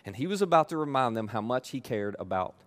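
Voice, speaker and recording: A man's voice: mid-range voice, sing-song, fast. A man preaching a sermon with emphatic repetition and playful asides. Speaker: pastor.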